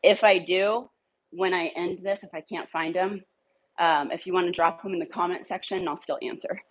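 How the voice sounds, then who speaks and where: Woman dog trainer, lowish voice, casual and upbeat, coaxing dogs. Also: steady tone, moderate pace, a little hiss or hum, poor audio. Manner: upbeat, coaxing praise to dogs in a high sing-song. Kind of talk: casual training demo, talking to camera and dogs.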